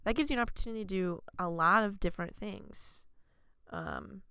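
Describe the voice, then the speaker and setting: A woman's voice: mid-range voice, moderate pace, creaky, clear, resonant tone, no echo. A young woman from Arkansas hosting a casual student podcast, rambling with fillers. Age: young adult. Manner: relaxed, rambling with many fillers. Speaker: podcast host. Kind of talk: casual chat.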